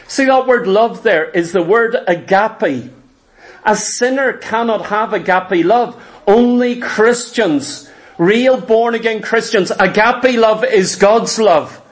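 A man delivering a sermon in a notably high voice. He preaches fervently and emphatically, hammering points home with repetition. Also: slow pace. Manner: fervent, emphatic, repeats for stress.

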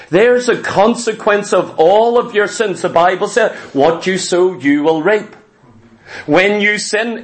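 A man's voice: sits high, a bit bright. A man preaching a sermon with an emphatic, repetitive cadence.

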